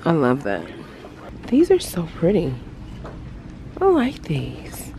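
A woman with a low, gravelly, warm voice takes her time, her pitch swinging widely as she films a casual shopping vlog inside a large retail store. She gushes over items while walking the aisles, often slipping into half-whispered asides, with noisy store ambience all around.

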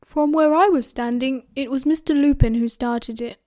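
A woman with a British accent voicing a pompous elderly male professor with slow, measured speech. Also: sits high, dark tone, natural voice. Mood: reproving.

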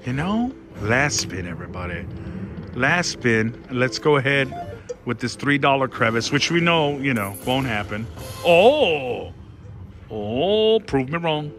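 A man giving casual live commentary as he plays slot machines on a casino floor, excitable and pleading with the machine. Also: mid-range voice, moderate pace, faint music behind. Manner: excitable, pleading with the machine, keeps saying "everybody".

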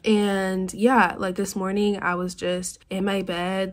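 A woman's voice: mid-range voice, level tone, slow pace. A woman in her twenties talking casually to her vlog camera, rambling with lots of "like", emotional and on the verge of tears. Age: 20s. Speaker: vlogger.

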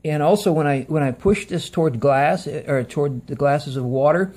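Husky-voiced man, earnest and emphatic. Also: a little high, moderate pace, a little mellow. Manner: earnest, repeats words for emphasis. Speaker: video presenter. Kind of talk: casual spoken monologue. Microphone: phone camera.

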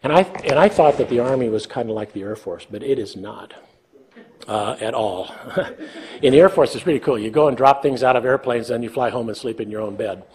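This older American man has a medium-pitched, slightly mellow voice and talks a little fast. His leadership lecture is conversational and anecdotal, full of self-deprecating tales and dialogue he acts out with laughs.

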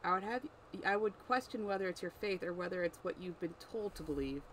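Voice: mid-range voice, expressive, a little fast, a bit bright, a little hiss or hum, natural voice, low-quality recording. Nervous young mortal guy, stammery but pushy with questions, read by the narrator, homemade reading. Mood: probing. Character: nervous young mortal man, earnest and probing.

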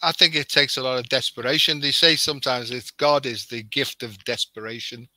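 Bright, tense-voiced man telling his story. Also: mid-range voice, steady tone, fairly quick, no room sound. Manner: earnest, candid, slips into quoted dialogue; emotional at moments. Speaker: guest. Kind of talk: personal storytelling in conversation.

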